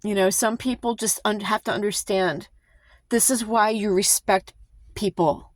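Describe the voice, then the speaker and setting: A woman's voice: mid-range voice, fairly even intonation, unhurried, no echo. A woman vlogging a heated, emphatic commentary, sighing and restarting her sentences as she talks. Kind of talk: impassioned casual commentary to camera.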